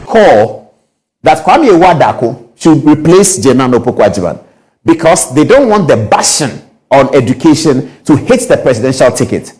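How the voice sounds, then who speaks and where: A man's voice: medium pitch, big pitch swings, normal speed, darkish tone. A man giving political commentary, emphatic and repetitive, firing off rhetorical questions.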